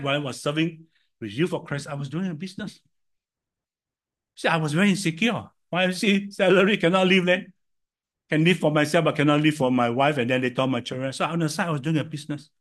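A man's voice: a little high, fairly quick. An older man from Singapore with a Singaporean English accent, preaching a sermon and telling stories from his own life with rhetorical questions to the listeners. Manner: animated storytelling with rhetorical questions to the audience.

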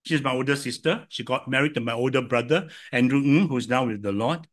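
A man's voice: mid-range voice, a little fast. An older man from Singapore with a Singaporean English accent, preaching a sermon and telling stories from his own life with rhetorical questions to the listeners. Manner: animated storytelling with rhetorical questions to the audience.

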